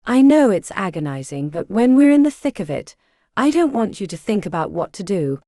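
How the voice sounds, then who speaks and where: A woman voicing a male team leader drilling his squad with brisk, commanding lines. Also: mid-range voice, sing-song, dark tone, no room sound, studio quality.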